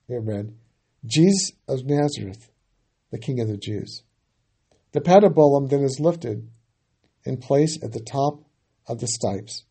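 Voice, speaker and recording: A man giving a dramatic sermon that retells scripture. He gets loud on quoted cries and falls quiet at the ends of lines. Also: mid-range voice, creaky, breathy edge.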